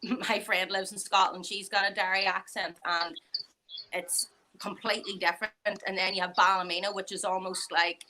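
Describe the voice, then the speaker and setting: A woman's voice: medium pitch, sharp tone, slight background noise, poor audio. A young woman with a mixed Northern Irish accent, chatting casually and rambling with easy laughs. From Northern Ireland. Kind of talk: casual chat.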